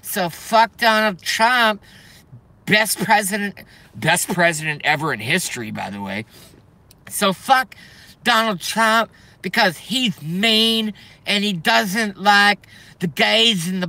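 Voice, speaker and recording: A man's voice: high voice, slow pace, sharp tone, no echo, heavily acted. A man voicing a whiny, limp-wristed liberal caricature with a lisp and a put-on Southern drawl, sneering and profane. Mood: mocking.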